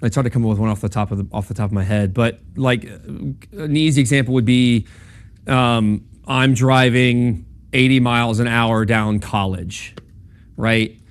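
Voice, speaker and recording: A man's voice: mid-range voice, steady tone, moderate pace. Young man, casual lecture on logic, conversational, lots of ums and okays, checks in with the room. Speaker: campus ministry speaker teaching logic.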